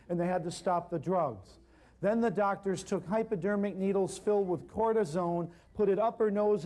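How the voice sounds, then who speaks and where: A man giving an animated seminar talk, telling a story and addressing the audience directly. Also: high voice. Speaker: natural healing speaker.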